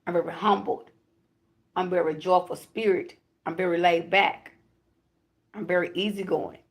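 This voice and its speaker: A woman who calls herself a high priestess, delivering a channeled spiritual message to her viewers in emphatic, repetitive declarations with casual swearing. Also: vocal fry. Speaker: self-described high priestess giving a spiritual reading.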